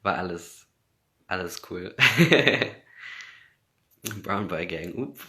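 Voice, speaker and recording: Native English-speaking man on a phone livestream, low and forceful, answers fan comments casually and moves between English and German. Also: fairly even intonation, unhurried. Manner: reads out comments, laughs often, switches between English and German.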